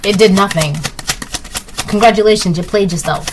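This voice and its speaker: A woman's voice: medium pitch, moderate pace, noisy background. Rambling, breezy woman tarot reader. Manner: rambling, full of "like" and "right?"; breezy and dismissive, repeats "blah, blah". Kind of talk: casual tarot reading to camera.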